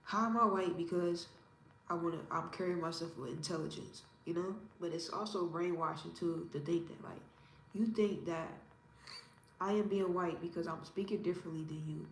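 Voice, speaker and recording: A woman in her thirties from Indiana, giving her opinions in a casual interview in a calm, measured, self-assured way. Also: fairly low pitch, a little hiss or hum. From Indiana, USA. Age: 30s. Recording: roomy echo with faint ambience.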